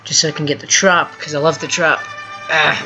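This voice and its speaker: A gameplay host giving casual, excitable running commentary from home while chatting with a teammate. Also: mid-range voice, fairly quick, dull audio. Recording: game music clearly heard underneath. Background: music from the game.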